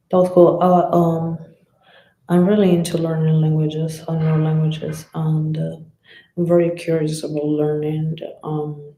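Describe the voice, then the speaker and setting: A woman boxer whose first language is Spanish chats loosely on a casual live stream, answering comments with a Spanish accent and swearing freely. Her voice is low-pitched and mellow with vocal fry, and the low-quality recording is reverberant.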